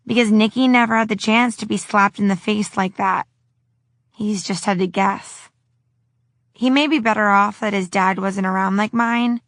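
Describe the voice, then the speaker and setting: Gravelly woman reading reflectively. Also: medium pitch, no room sound. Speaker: audiobook narrator. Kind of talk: audiobook reading of a personal account.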